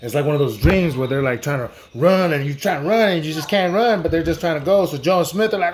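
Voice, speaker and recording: A man's voice: on the high side, fast talker, hardly any pauses. A man improvising a made-up story in a loose, rambling, slangy way, full of "like" and "dude". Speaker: storyteller host.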